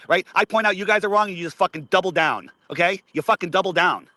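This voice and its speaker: A man's voice: high voice, fast, few pauses, bright, forceful tone, no echo. A man arguing angrily and swearing on a livestream debate, insisting that others are lying about him. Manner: angry, profane, insistent. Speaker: guest in a heated debate stream. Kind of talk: angry argument on a livestream.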